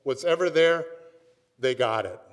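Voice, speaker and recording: A Minnesota pastor preaches a sermon in a mid-range voice with lively intonation and a slightly slow pace. He tells stories conversationally, often checking in with "right?", and a long hall reverb surrounds him.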